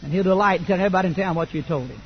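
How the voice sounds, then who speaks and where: An older man, preaching a sermon that swings from quiet asides to loud fervent declaration. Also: high voice, very fast, dull audio, slight background noise.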